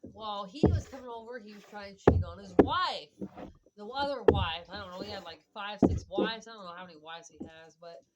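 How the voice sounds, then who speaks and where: Casting: young woman, single mom, venting storytime, rambling with fillers, slightly high voice. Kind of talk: casual storytime vlog. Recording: loud background noise.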